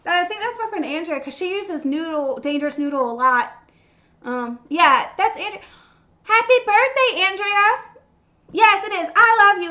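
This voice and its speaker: A woman hosting a baking livestream, chatting casually and gushing with excitement. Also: extremely high pitch, normal speed. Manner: bubbly, gushing, squealing with excitement. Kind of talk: casual live-stream chat while baking. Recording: dull lo-fi stream audio.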